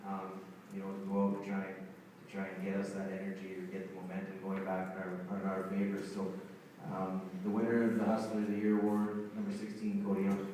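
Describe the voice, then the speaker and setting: A man who is a hockey head coach, giving an unscripted awards banquet speech, rambling with fillers and restarts. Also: on the low side. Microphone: recorded from far off in the room. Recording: very echoey hall, distant mic, faint room noise.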